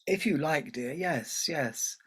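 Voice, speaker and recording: A man voicing a gentle, hesitant moon father in a told folktale. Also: fairly high pitch, animated, takes it slowly, breathy edge, voice pushed up, exaggerated voice. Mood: pleading. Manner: soft, hesitant, pleading.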